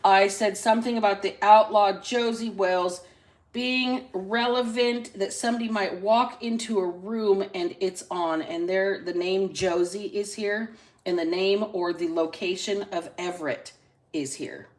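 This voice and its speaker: Woman reading dice live on her phone, chatty and salty, drags words out then rushes. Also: mid-range voice, fairly even intonation. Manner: chatty, drawls single words then talks fast. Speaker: psychic reader hosting a live stream. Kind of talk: casual live-stream tarot reading. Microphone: phone camera.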